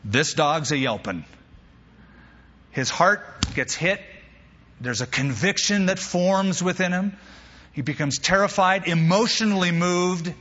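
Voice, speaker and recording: A male pastor preaching a sermon, an animated storyteller who drops humorous asides. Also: high-pitched, slow, pauses often, long reverb tail, lo-fi sound.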